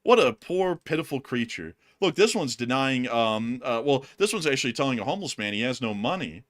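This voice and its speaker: Bright, animated man co-hosting a stream. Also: medium pitch, a little fast. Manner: laughs often, jokey. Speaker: co-host. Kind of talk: casual livestream chat.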